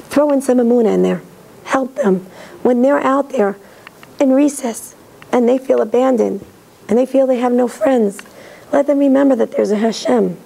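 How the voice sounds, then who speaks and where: A middle-aged woman lecturing in a synagogue, talking directly and lively and acting out parents' voices. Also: fairly high pitch, normal speed, vocal fry, low-quality recording.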